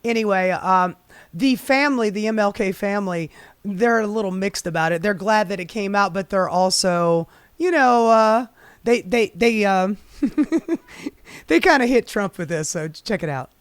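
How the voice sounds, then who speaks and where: A man's voice: high voice, expressive, measured pace, clean tone, no echo. A man hosting a sarcastic, profane political commentary, ranting and mocking. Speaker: commentary host.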